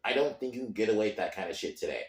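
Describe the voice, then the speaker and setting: Deep-voiced man ranting in an echoey room. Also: lively intonation, very fast. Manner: frustrated, swearing, emphatic. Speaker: movie reviewer. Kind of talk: ranting movie review.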